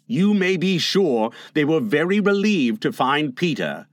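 A man reading a storybook with playful expression. His voice is fairly high and moves widely, and the sound is close and dry. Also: very animated, unhurried, dry recording. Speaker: narrator.

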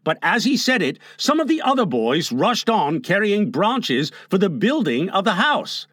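Male storybook narrator, higher voice, animated, dry close mic. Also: a little slow, dry recording. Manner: expressive, playful. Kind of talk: storybook reading.

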